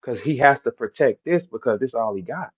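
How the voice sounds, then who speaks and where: Expressive and brisk with a breathy edge, the mid-range voice of a St. Louis battle rapper comes through lo-fi audio. Speaking in a St. Louis accent, he hosts a live audio room, repeatedly boasting and trash-talking in a brash livestream rant.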